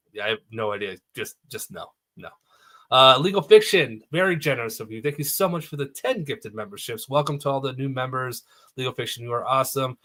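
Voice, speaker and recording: A man's voice: mid-range voice, sharp tone. A man hosting a livestream, chatting casually and thanking supporters in a self-deprecating way. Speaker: livestream host. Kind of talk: casual chat.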